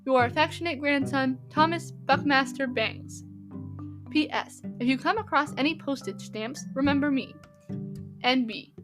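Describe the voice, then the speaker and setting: A woman reading the part of a lively schoolboy reading his cheeky letter aloud. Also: high-pitched, measured pace, music in the background.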